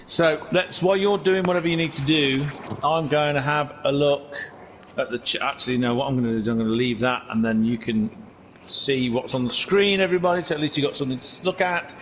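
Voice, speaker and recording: A man's voice: medium pitch, brisk, a bit bright. A man hosting a racing league stream, chatting casually and restarting his sentences as he interviews people. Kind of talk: casual livestream chat.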